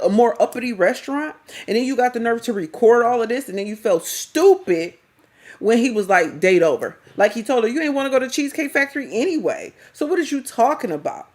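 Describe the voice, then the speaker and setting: A middle-aged woman, giving blunt, slangy, scolding reaction commentary as a vlogger. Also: a little high.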